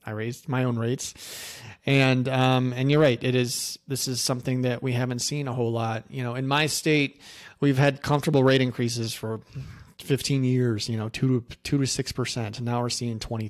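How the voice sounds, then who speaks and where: Male podcast host, mid-pitched, casual and talky, sales energy mixed with plain explanation. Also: moderate pace. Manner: animated and salesy in the ad, conversational and explanatory after; loose, filler-heavy delivery with restarts. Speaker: podcast host, insurance agency owner. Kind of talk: casual podcast talk with ad read.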